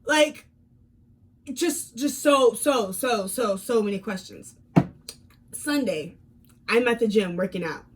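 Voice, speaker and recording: A woman in her twenties telling a casual storytime vlog, animated, with many fillers and repeated words, swinging from calm to heated. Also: a little high, slow, pauses often, background noise. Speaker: fitness vlogger.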